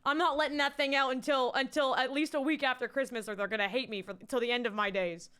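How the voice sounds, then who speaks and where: Young woman streamer, high clear voice, casual and foul-mouthed, quick to laugh and shout. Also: steady tone. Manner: chatty, swears freely, laughs often, breaks into loud shouting bits. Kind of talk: casual live-stream chat.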